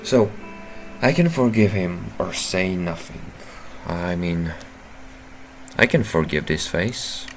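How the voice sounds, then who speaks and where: A man playing through a visual novel, reading the narration aloud and breaking into loud, profane reactions. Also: deep voice, expressive, takes it slowly, rough recording. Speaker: game streamer. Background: faint game music.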